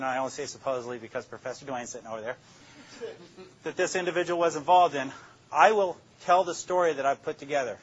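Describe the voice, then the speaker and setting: A man's voice: on the high side, muffled recording, slight background noise. An older man, a police detective, telling plainspoken stories about interrogations to a class and acting out his own lines. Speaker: police detective speaking to law students. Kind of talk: storytelling lecture.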